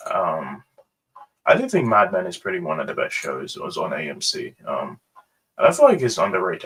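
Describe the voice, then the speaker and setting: A man hosting a casual ranking review, rambling and hesitant with many pauses and fillers. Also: sits low, a bit bright, husky, recorded from a distance, low-quality recording. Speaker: host.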